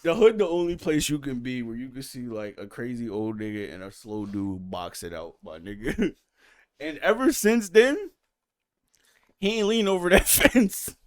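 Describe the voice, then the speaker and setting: A man who is a musician and podcast guest, telling animated, profane stories in casual chat and acting out other people's lines loudly. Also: mid-range voice, moderate pace. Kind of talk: casual storytelling.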